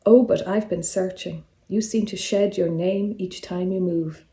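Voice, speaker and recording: A woman's voice: mid-range voice, fairly even intonation, measured pace, warm tone, close to an everyday voice. A woman doing a fussy, gushing old-fashioned solicitor. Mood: earnest, apologetic. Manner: fussy, overly polite, gushing. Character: scrawny, excitable old-fashioned male solicitor. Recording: roomy echo.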